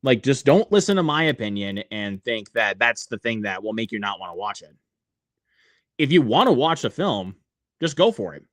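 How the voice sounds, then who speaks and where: Man, casual livestream chat, rambling with lots of fillers, mid pitch, dry close sound. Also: very animated, moderate pace, a bit bright, no echo. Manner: rambling, frequent "like" fillers, reads viewer comments aloud. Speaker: livestream host.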